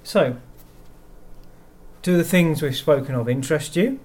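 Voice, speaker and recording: Guy preaching a sermon, slow and measured, slightly high voice. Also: animated, a little mellow. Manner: slow, measured delivery with verses read aloud.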